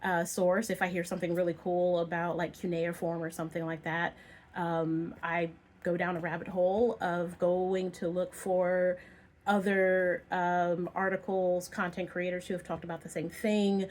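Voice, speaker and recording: Rambling, thoughtful woman with a lowish voice. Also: flat delivery, moderate pace, a little mellow. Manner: thoughtful, rambling with many ums and restarts. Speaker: video essayist. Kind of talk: casual monologue to camera.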